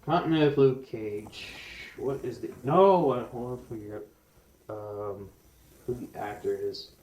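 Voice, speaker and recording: A young man co-hosts a relaxed podcast, talking at a middle pitch. He rambles, restarts his thoughts and shifts between quick bursts and slow stretches. His voice rings in a noticeably echoey room. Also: a little hiss or hum. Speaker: podcast co-host. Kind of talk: casual chat. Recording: roomy echo.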